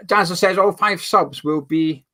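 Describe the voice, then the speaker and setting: A man's voice: sits high, unhurried, bright, forceful tone. A man co-hosting a casual football fan watch-along, rambling a little as he reads out viewer comments. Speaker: fan channel co-host.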